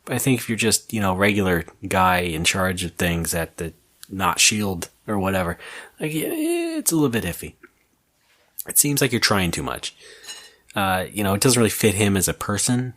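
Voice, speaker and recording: A man co-hosting a podcast in casual chat, with dry, deadpan jokes. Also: low voice, moderate pace. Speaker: podcast co-host.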